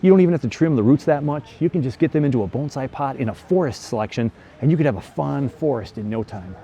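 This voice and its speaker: A man's voice: mid-range voice, lively intonation, fast talker, mellow. A middle-aged man hosting a casual walk-and-talk vlog, chatty and enthusiastic, full of exclamations, filming as he walks through a greenhouse. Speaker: bonsai vlogger host. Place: indoor greenhouse at a plant nursery.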